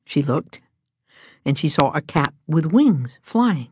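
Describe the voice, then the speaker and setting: A woman reading a storybook aloud in a gentle, even storytelling manner. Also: low voice, takes it slowly, slightly rough, no echo, clean studio sound. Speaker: narrator.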